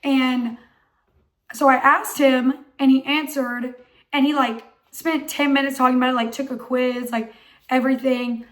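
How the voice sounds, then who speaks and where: A young woman with a hoarse, not fully recovered voice, excitedly telling a casual vlog story and filling her talk with "like". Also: high-pitched, measured pace. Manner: excited, chatty, heavy use of "like". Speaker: vlogger.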